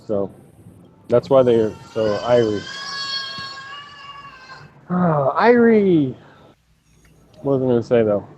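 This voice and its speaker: A man's voice: medium pitch, steady tone, moderate pace, mellow, highs cut off, a little hiss or hum. Profane, joking man in voice chat. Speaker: gaming lobby regular. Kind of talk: casual gaming voice chat.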